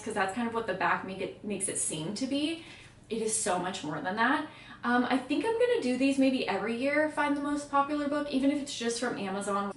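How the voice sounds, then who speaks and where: A woman's voice: mid-range voice, echoey room, far from the mic, a little hiss or hum. Gushing woman reviewing a book. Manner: emotional, gushing, chatty. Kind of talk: casual book review vlog.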